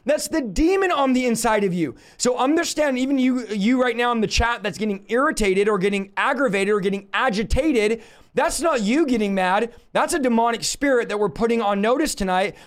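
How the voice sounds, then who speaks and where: A man preaching a teaching sermon to a live online audience in a forceful, emphatic way, breaking into sudden rebukes. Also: high voice.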